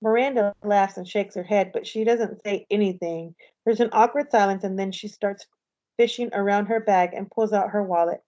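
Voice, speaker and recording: A woman teacher reading a novel aloud to her class with steady, clear storytelling narration, on a slightly dull, lo-fi recording. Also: medium pitch, normal speed.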